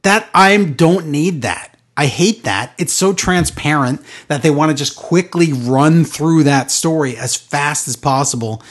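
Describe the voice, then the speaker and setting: A man's voice: a little high, unhurried, hardly any pauses. A man hosting a casual wrestling podcast, giving sarcastic recaps with mocking impressions. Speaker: podcast host.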